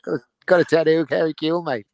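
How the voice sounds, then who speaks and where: A man's voice: fairly high pitch, fairly even intonation, rapid-fire, creaky, a little mellow, no room sound. A man co-hosting a podcast, swearing and laughing through casual banter. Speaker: podcast co-host.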